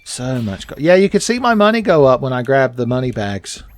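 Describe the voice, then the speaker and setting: A man giving joking, casual commentary while playing a video game, jumping up in pitch when excited. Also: a little fast. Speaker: let's play host.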